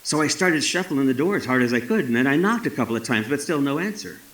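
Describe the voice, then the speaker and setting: A man's voice: medium pitch, expressive, quick pace, a bit bright. Folksy older storyteller man, roomy hall. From Texas. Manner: folksy, dramatic, with wry asides. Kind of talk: live storytelling performance. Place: festival stage.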